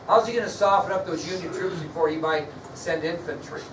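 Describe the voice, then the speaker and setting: A male history teacher lecturing a class, quizzing students and spelling words out slowly. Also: high-pitched, noisy background. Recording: echoey classroom, mic far off, faint ambience.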